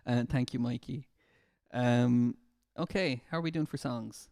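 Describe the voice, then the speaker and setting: An Irish music therapist chats casually with his live stream audience between songs, an acoustic guitar in the background. His medium-pitched voice is mellow with vocal fry and a slow pace, and he reads out viewer comments with easy laughter. The studio sound is clean with no echo.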